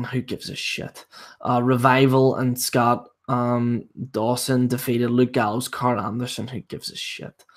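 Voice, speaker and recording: A young man talks in a casual livestream rant, blunt and dismissive, swearing freely. His voice sits at an ordinary middle pitch. He reviews a wrestling event with plenty of fillers.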